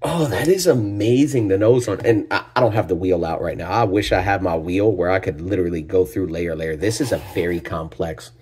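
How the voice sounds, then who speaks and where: Husky low-voiced man reviewing tequila. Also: a little fast, few pauses, a little mellow. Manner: enthusiastic, exclaiming over aromas with frequent sighs and "oh my gosh". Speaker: tequila reviewer, channel host. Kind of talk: casual spirits tasting review.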